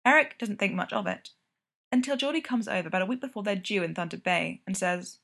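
A woman narrating a piece of fiction in a steady storytelling delivery. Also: medium pitch, brisk, vocal fry. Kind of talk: audiobook reading of fiction.

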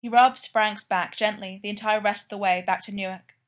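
Woman, story reader, even narration, middle pitch. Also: moderate pace. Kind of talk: fan fiction read aloud.

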